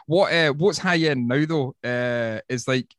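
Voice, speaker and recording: A man's voice: mid-range voice, unhurried, dry recording, clean studio sound. A Scottish man, a woodworker, talking bluntly and swearing a lot in a casual podcast chat. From Scotland. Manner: sweary, blunt, animated storytelling. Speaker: woodworker guest.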